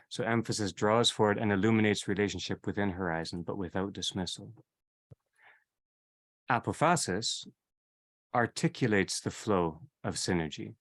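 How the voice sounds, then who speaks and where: A man leading a theology seminar in a reflective, unhurried way, often repeating and rephrasing his phrases as he teaches. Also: sits low. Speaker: seminar leader.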